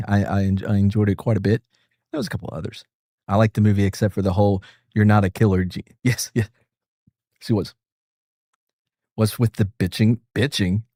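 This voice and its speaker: A man's voice: on the low side, warm tone, dry recording, studio quality. A man hosting his own channel, reacting to a video in casual, rambling commentary with wry jokes. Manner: rambling, self-interrupting, wry and joking.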